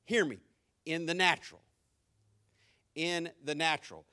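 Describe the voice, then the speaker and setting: A middle-aged male pastor preaching a sermon, calling out to his congregation and telling stories, rising to animated shouts. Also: on the high side, a little slow. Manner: preaching with audience call-outs and storytelling.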